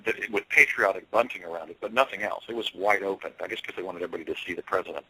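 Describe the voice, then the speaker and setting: Bright-toned man recounting a story. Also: low voice, husky, low-quality recording. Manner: earnest, halting, with frequent fillers. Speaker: interview guest. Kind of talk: first-person storytelling in an interview.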